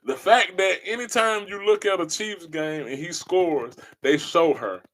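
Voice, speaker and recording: A man with a notably high voice holds forth in a passionate podcast monologue. He preaches emphatically and circles back to the same phrases again and again, pressing each point home. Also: a little slow, a bit bright. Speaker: podcast host.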